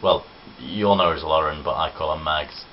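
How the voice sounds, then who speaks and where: A young man with an extremely deep, low voice chats cheerfully to his camera, answering questions and swearing freely. The sound is dull and lo-fi, with a faint hiss under it. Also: fairly quick. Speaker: vlogger. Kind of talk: casual chat answering questions. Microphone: camera on tripod.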